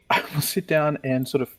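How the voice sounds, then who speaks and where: A man's voice: fairly high pitch, steady tone, unhurried, a bit bright, no room sound, poor audio. A man playing a tabletop game over voice chat, talking hesitantly with restarts and frequent laughs. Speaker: player.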